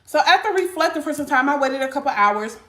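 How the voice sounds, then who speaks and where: A woman's voice: high-pitched, expressive, fast, bright, forceful tone. Profane, blunt woman telling a storytime. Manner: blunt and profane, addresses viewers as y'all. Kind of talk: casual storytime to viewers. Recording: echoey room.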